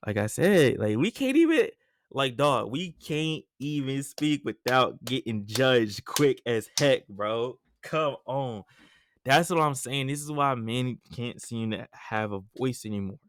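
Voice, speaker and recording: A young man hosting a podcast, telling a story in a casual, slangy, animated way with lots of asides. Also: medium pitch, measured pace, dry recording. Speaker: podcast host.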